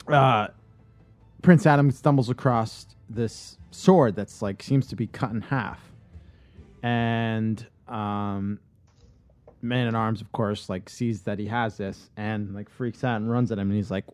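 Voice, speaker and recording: A man on a podcast casually pitching a movie idea, rambling with lots of fillers and restarts. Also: takes it slowly, pauses often, darkish tone, dry recording, faint music behind.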